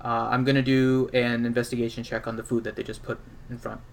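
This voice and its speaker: A man playing a tabletop game, joking and lively. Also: mid-range voice, fast, gravelly. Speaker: player.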